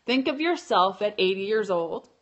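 A woman's voice: mid-range voice, animated, moderate pace. A woman hosting a casual live stream, chatty and loose, using lots of fillers and correcting herself as she goes. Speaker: podcast host and keto blogger.

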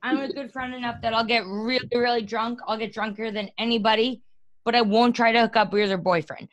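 A woman's voice: a little high, brisk, muffled recording. A young woman hosting a casual chat, telling stories and acting out quotes. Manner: animated storyteller, acts out quotes. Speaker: host.

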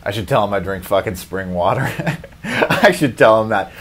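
A man's voice: fairly low pitch, expressive, normal speed, a bit bright. A man hosting a comedy podcast, ranting in a profane, rambling way and laughing often. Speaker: podcast host. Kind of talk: casual comedic rant.

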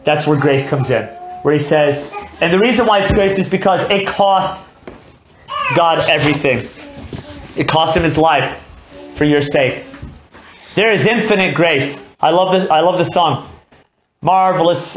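A man's voice: fairly high pitch, normal speed, long pauses. A man preaching a sermon as pastor, earnest and direct, repeating key points for emphasis and closing in prayer. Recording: echoey, dull, noisy recording.

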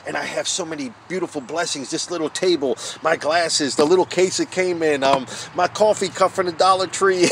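A man's voice: a little high, fairly quick, hardly any pauses, noisy background. A man preaching a devotional Bible study outdoors under a tent, fervent and emotional, calling listeners "guys" and "man". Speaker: street preacher.

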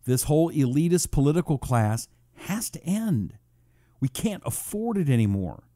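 A man's voice: very animated, moderate pace, mellow, dry recording, clean studio sound. A man hosting a political talk radio show, reading listener messages and answering critics with sarcasm. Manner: combative, sarcastic, mocks critics in high put-on voices.

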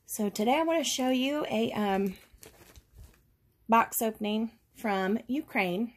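A woman's voice: a little high, slow pace. A woman, a doll collector chatting casually and rambling a little as she opens a parcel on camera. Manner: chatty, rambling, folksy with "y'all". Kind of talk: casual unboxing chat.

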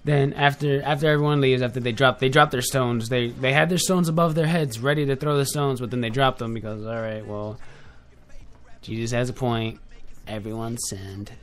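This young host of a casual online radio show speaks at a normal speed in a medium-pitched, a bit bright voice with fairly even intonation. Chatty and direct with listeners, he rambles off the cuff, filling gaps and correcting himself often, through headphones and a desk mic.

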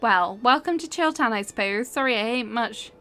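A woman's voice: on the high side, lively intonation, normal speed, sharp tone, faint music behind. Woman reading a folksy villager fisherman. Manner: reads the game text aloud in her own voice.

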